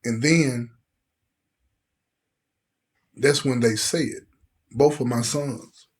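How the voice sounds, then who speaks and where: Speaking extremely slowly in a mid-range voice, a middle-aged host recounts his life story with intensity and feeling. He acts out each quoted voice.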